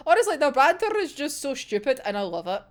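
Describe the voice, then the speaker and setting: Girl ranting about manga, laughs a ton, high bouncy voice. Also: fairly quick. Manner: giggly, sweary, excitable. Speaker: manga reaction vlogger. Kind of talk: casual reaction chat.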